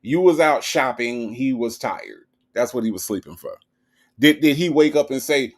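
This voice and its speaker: Man stream host, emphatic reactive commentary, mid-range pitch, keeps checking in with the chat. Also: lively intonation, moderate pace, gravelly. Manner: emphatic, keeps asking "right?".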